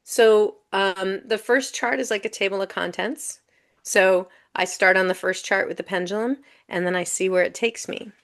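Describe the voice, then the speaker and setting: A woman talks as a guest in a relaxed podcast interview. Her voice sits at a mid pitch. She tells stories in an animated, chatty way and fills her talk with "you know" and "um.". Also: normal speed. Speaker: guest coach. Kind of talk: casual storytelling in a podcast interview.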